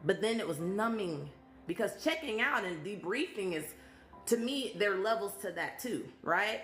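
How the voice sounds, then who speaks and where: Talking straight to her viewers on a live stream, this woman in her thirties gives an emotional, motivational testimony in a casual way. She has a medium-pitched, animated voice at normal speed, a bit bright and reverberant, with faint music playing behind her.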